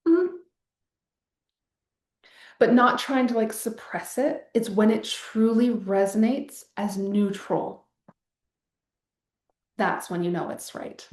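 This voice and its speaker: A woman's voice: a little high, takes it slowly, pauses often, a little mellow, roomy sound. A woman coaching a group through a live wealth masterclass, talking casually and rambling, with sighs and the odd swear word. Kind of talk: live online coaching session.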